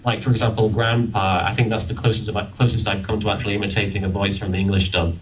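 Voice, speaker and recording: A man's voice: on the low side, little pitch movement. A man speaking as a guest on a convention panel, talking casually with frequent restarts and stumbles. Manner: halting, many restarts. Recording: distant audience-camera recording.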